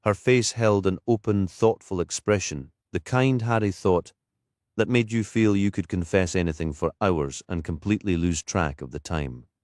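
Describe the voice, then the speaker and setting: Man, audiobook narrator, very low voice, dry close-mic studio sound, steady storytelling. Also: moderate pace, no room sound.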